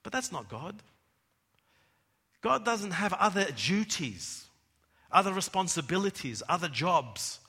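A man preaching a sermon, dropping to hushed tones and rising to loud emphatic cries. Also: high voice, big pitch swings, measured pace, long pauses, breathy edge. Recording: long hall reverb.

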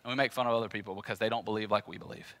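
A man's voice: on the low side, fairly even intonation, very fast, a bit bright, dry recording. A man pastor preaching a sermon in an emphatic, repetitive, conversational way.

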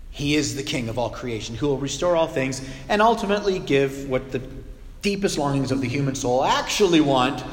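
Male pastor, sermon delivery, animated and conversational, slightly higher voice, echoey hall with a long tail. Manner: animated, conversational preaching with acted outbursts.

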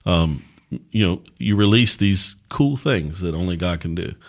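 Middle-aged pastor-host, deep voice, loose folksy storyteller, casual podcast talk. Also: male voice, animated, unhurried.

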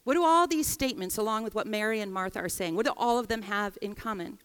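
A woman preaching a sermon in a church, expressive, voicing quoted lines with feeling. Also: medium pitch, fast talker, clean tone. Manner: expressive, acts out quoted voices. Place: church hall. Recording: long hall reverb.

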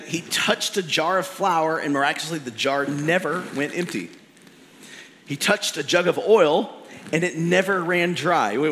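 A man preaching a sermon as pastor, telling a story in an animated way with casual slang. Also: on the high side, big-room sound, slight background noise.

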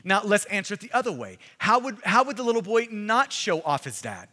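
A pastor preaching a sermon with emphatic, repetitive delivery that builds to shouts, recorded in a large hall. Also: male voice, high-pitched, sing-song, brisk. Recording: long hall reverb.

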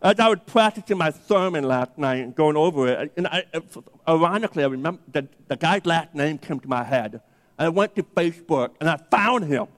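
A man's voice: a little high, animated, a little fast, fairly bright tone. A man preaching a sermon, telling a personal story and acting out the dialogue. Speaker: pastor. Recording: long hall reverb.

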